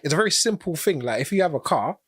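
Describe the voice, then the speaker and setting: A man's voice: on the high side, animated, fast talker, breathy edge, dry recording, studio quality. A man with a London accent chatting as a podcast co-host, saying "innit" often. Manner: quiet murmured agreement, says innit. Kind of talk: casual chat.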